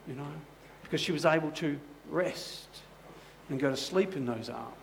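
A male pastor delivers a sermon in a chatty storytelling manner, tossing in frequent asides to the congregation. His voice sits a little high for a man and carries a gravelly texture, with a faint hiss underneath. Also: normal speed. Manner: conversational, many "you know" asides.

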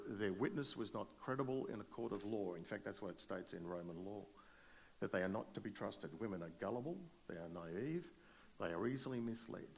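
A male pastor preaching a sermon, retelling a scripture story with animated, speculative asides. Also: lowish voice, creaky, husky.

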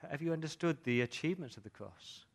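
A man preaching a sermon as pastor, putting rhetorical questions to the congregation and moving between a quiet hush and emphatic rises. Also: a little high, animated, fast, gravelly.

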